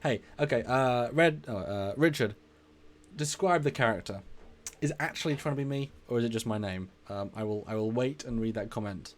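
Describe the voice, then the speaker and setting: A man in a mid-pitched, everyday voice hosts a casual live stream. He is chatty and energetic, reads viewer comments aloud and answers them on the fly with easy laughs. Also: moderate pace.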